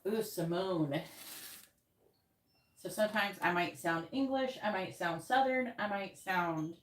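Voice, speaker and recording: A woman's voice: mid-range voice, expressive, measured pace, slight background noise. A woman from New York hosting a livestream as a tarot reader, chatting casually and rambling, often laughing. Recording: roomy sound, distant from the mic.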